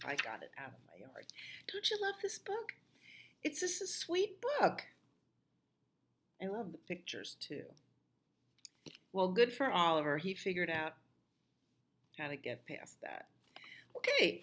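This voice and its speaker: Slow, gentle storytime librarian woman. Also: lowish voice. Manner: chatty, sing-song, asides to children. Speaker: children's librarian. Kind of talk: storytime read-aloud and singing.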